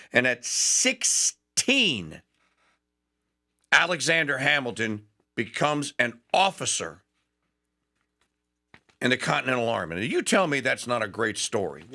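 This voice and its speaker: A male talk show host spins a long history story, excited and prone to wandering off on tangents. His voice is bright and forceful, with a mid-range pitch. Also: gravelly. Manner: enthusiastic, digressive, rambling storyteller.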